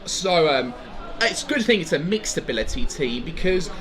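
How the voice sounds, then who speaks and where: A man's voice: a little high, very animated, moderate pace, a bit bright, a faint crowd. A young man player answering interview questions outdoors, earnest and a little formal. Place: outdoors at a rugby ground.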